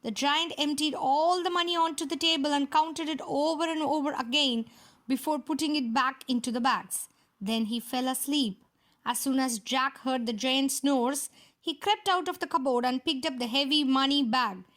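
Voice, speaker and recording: A woman reading a fairy tale aloud for children in a steady storytelling manner. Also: high-pitched, normal speed.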